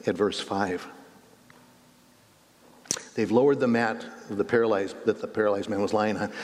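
A male pastor preaching a sermon, telling the story vividly and asking the listeners questions. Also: lowish voice. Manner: animated storytelling with rhetorical questions. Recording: long reverb in a hall.

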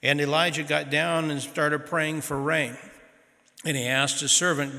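A man's voice: fairly high pitch, steady tone, measured pace, creaky, pushed and bright, long reverb tail. A man preaching a sermon, retelling a story in a folksy, dramatic way.

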